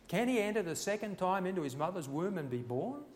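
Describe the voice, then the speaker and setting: A man preaching a sermon and reading scripture, fervent and building to loud, emphatic passages. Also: sits high, big pitch swings, brisk, slight background noise. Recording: long reverb in a large hall.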